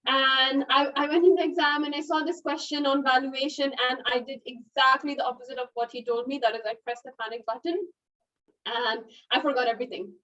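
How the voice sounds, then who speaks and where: High-voiced woman hosting a webinar. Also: fairly even intonation, fairly quick, pushed and bright. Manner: chatty, laughs often, many fillers like "okay" and "you know". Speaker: webinar host. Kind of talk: casual webinar moderation. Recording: dull, distant webinar audio.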